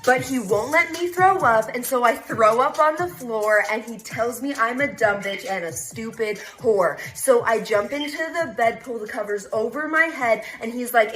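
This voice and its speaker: A woman's voice: fairly high pitch, normal speed, few pauses, fairly bright tone. A woman in her twenties telling a personal story in a casual, blunt way, swearing freely. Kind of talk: storytime video.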